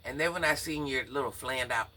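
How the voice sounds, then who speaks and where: A man's voice: mid-range voice, fairly quick, bright, forceful tone, far from the mic. A man giving incredulous, mocking drama commentary on a livestreamer, talking straight to his viewers.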